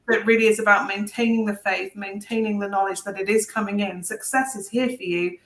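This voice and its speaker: A woman's voice: mid-range voice, fairly even intonation, fairly quick, fairly bright tone, reverberant, rough recording. A woman giving a meandering, earnest and reassuring spiritual message on a video call. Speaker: intuitive reader.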